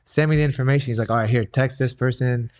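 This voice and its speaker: A man's voice: medium pitch, steady tone, fast talker, a little mellow. Brief: young male guest, loose chatty storyteller, lots of "like"s and restarts. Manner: rambling, many fillers and restarts. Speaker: guest, grappling coach and personal trainer. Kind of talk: casual conversational storytelling.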